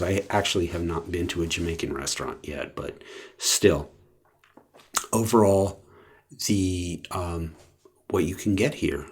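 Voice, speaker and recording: A man's voice: low-pitched, darkish tone, slightly rough. A man chatting casually to the camera in a rambling way, full of fillers and restarts. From West Coast of the US. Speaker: vlogger.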